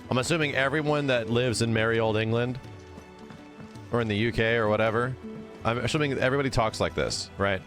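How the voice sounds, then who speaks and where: A gaming streamer talks over his playthrough in a casual, joking, sarcastic way, addressing his chat directly. His voice sits at an ordinary mid pitch, with game music faintly behind him. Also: fairly quick. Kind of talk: casual let's-play commentary. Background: game soundtrack.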